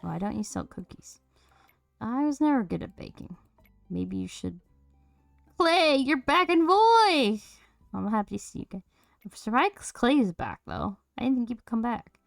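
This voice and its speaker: A woman's voice: mid-range voice, normal speed, vocal fry, dry recording, clean studio sound, faint music behind. A woman streaming a narrative game, reading out all the characters' lines in playful, shifting voices. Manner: switches between character voices, lively and playful. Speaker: streamer voicing a game's characters.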